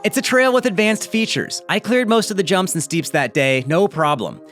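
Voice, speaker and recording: A man's voice: sits high, normal speed, faint music behind. A man hosting a mountain bike video, reading a viewer's story aloud with chatty, joking asides. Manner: lively, chatty, jokey asides.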